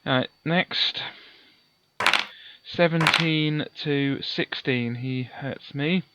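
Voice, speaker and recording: A man playing through a gamebook, reading its passages aloud and calmly working out dice sums with mild self-deprecating asides. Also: on the high side, very slow, highs cut off, slight background noise. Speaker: let's play host. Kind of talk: gamebook playthrough with read-aloud narration.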